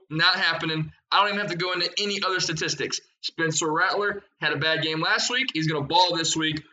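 A young man hosting a sports betting podcast, rattling off picks and odds in a fast, excited way. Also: a little high, poor audio. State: out of breath. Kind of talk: energetic podcast chat.

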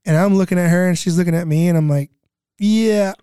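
A man's voice: sits high, fairly quick, dark tone, clear, resonant tone, no room sound, clean studio sound. A man in his thirties telling stories from relief work in a casual chat, rambling with lots of fillers and swearing. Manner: rambling, many "you know" fillers, swears. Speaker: guest, disaster relief cook.

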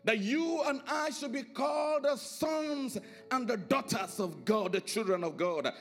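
High-voiced preaching man with sing-song swings. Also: expressive, measured pace, fairly bright tone, soft background music. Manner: preaching with sudden swings in pitch and volume, sing-song emphasis. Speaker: pastor. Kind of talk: sermon.

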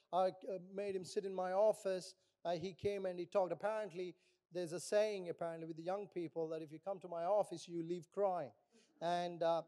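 A middle-aged male pastor preaching a sermon, animated, acting out little voices in his stories. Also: high-pitched.

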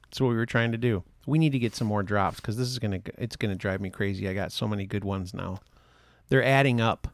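A man's voice: on the low side, quick pace, no echo, clean studio sound. A man hosting a podcast, chatting casually with a jokey, rambling manner. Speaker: podcast host. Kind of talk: casual chat.

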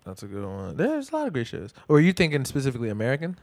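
A man's voice: medium pitch, wildly swooping pitch, racing, darkish tone, no echo. A young man in a casual group chat, playful and fond of doing silly voices.

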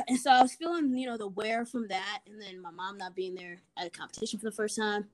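A woman's voice: medium pitch, a little fast. A young woman in casual chat, telling a personal story frankly, with plenty of swearing and filler words. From Minnesota.

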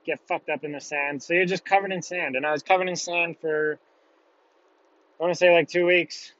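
A young man with a fairly high voice tells a story casually and bluntly, swearing often. The recording is dull and lo-fi, with a dry, close sound. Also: steady tone, moderate pace, a bit bright, dry recording.

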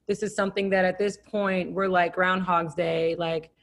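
Reflective woman with a low voice. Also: level tone, normal speed. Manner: reflective, searching for words. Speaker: guest. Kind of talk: candid conversation.

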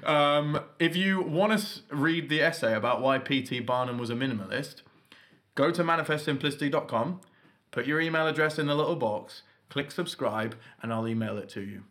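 A young man hosting a podcast in casual chat, energetic and jokey as he rambles through stories and plugs. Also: fairly high pitch, moderate pace. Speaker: podcast host.

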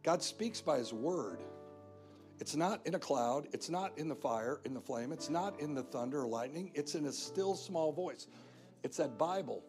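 A man's voice: fairly high pitch, lively intonation, moderate pace, over music. A man preaching a sermon as guest pastor, emphatic and repetitive, driving points home again and again. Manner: emphatic preaching with repeated phrases. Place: church.

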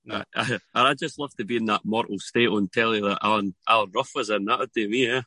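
A Scottish man with a slightly husky voice tells animated stories in a relaxed podcast chat. The sound is close and dry, with no room around it. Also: on the low side, quick pace, no echo. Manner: animated storytelling with laughs. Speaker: podcast guest.

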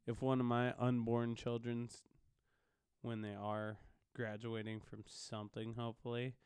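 Smooth-voiced young man swearing through banter. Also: medium pitch, flat delivery, unhurried, a little mellow, no room sound, studio quality. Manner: profane, joking, mock-angry bickering. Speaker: podcast co-host. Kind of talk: casual chat.

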